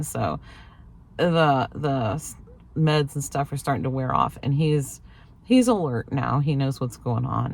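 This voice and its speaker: A woman in her forties telling a story casually to her viewers, acting out the voices of others and laughing often. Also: very deep voice. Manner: chatty storytelling, acts out quoted lines, laughs often. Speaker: vlogger. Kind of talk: casual chat to camera.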